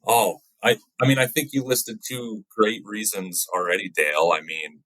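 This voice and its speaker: A man with a low, husky voice answers questions as a podcast guest, explaining his work in an easygoing, conversational way. His sound is dry and close, with no room around it, and he often checks in with a quick "right?". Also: no echo, low-quality recording. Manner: relaxed, often ends points with "right?". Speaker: guest, wildlife biologist. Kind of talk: casual interview chat.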